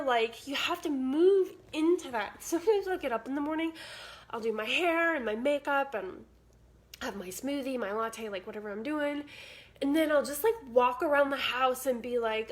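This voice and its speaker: Woman vlogging on her phone indoors, bubbly, says like a lot, bit high pitched. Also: lively intonation, moderate pace. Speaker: spiritual vlogger. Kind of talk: casual talk to camera. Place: indoors at a house with cats. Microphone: phone camera.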